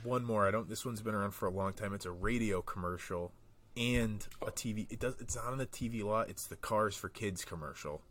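A man's voice: lowish voice, brisk, a bit bright. A man who is a guest on a casual sports podcast, talking in a rambling, easygoing way.

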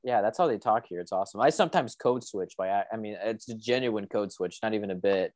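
A man's voice: on the low side, fast, darkish tone, no room sound. A young man who is a college student, chatting casually and telling rambling, crude, joking stories over a video call. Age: young adult. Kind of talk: casual chat.

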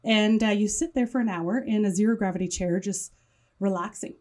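A woman's voice: mid-range voice, fairly quick, darkish tone. A woman with a French accent, a native French speaker, talking as a guest in a podcast studio about her wellness business, enthusiastic and running through long lists. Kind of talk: casual interview chat.

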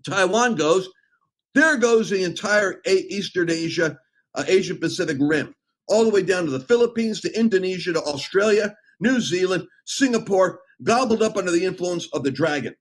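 A middle-aged man preaching in an emphatic, rambling way, with sudden loud outbursts. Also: sits high, animated, moderate pace, low-quality recording. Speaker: preacher and host. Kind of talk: impassioned preaching talk.

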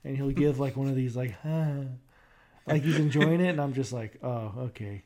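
A man's voice: mid-range voice, steady tone, normal speed, darkish tone. A young man co-hosting a podcast in casual chat, rambling with lots of fillers and restarts. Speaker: podcast co-host.

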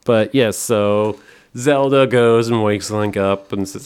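A man with a very low voice hosts a podcast, talking loosely and at length. His speech is full of fillers like "like" and "um", and it is peppered with casual swearing. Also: takes it slowly, a little mellow, clear, resonant tone. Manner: rambling, profane, full of fillers. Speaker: podcast host. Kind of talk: casual chat.

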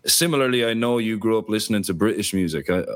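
Low-voiced, agreeable male interviewer. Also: quick pace. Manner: supportive, agreeable. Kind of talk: casual conversation.

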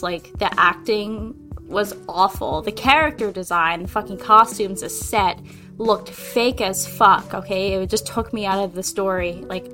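A young-sounding woman chatting on a podcast with friends, her voice pitched in an ordinary middle range. She is blunt, swears freely and laughs her way through her opinions. Faint music plays underneath. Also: a bit bright. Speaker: podcast co-host. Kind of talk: casual chat.

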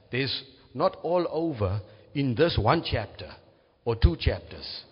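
A man's voice: fairly low pitch, husky. A man preaching a teaching sermon, often checking in with his listeners. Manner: teaching, asks "right?" to check understanding. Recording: muffled, reverberant hall.

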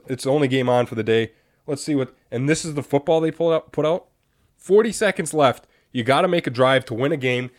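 A young man hosting a casual sports talk show, animated and exasperated, often laughing. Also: mid-range voice. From Wisconsin. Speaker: sports podcast host.

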